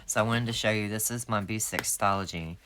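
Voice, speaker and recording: Setting up her planner on camera, a planner sticker shop owner rambles to her viewers in a warm, casual vlog. She speaks briskly in a bass voice, with a noisy background behind her.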